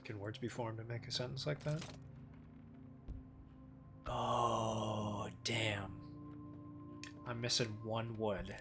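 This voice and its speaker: With music behind him, a man speaks slowly in a fairly low, fairly even voice, with long pauses. He's casually commenting on a game during a live stream, rambling and poking fun at himself.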